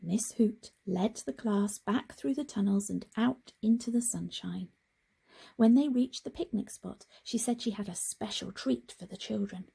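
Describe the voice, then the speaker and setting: A woman reading a picture book aloud to children in a very expressive way, with gasps and hushed whispers. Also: mid-range voice, a little slow, vocal fry, breathy edge. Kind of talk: children's storybook read-aloud.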